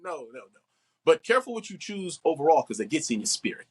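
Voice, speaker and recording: A man's voice: fast talker, breathy edge. A middle-aged man, an actor, talking animatedly in an interview and acting out quoted voices. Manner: expressive, acts out quotes with big pitch jumps.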